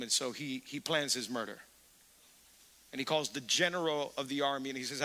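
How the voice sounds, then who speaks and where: A man pastor preaching a sermon, animated, calling on the congregation to respond. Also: fairly high pitch, moderate pace, long pauses. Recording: reverberant church hall.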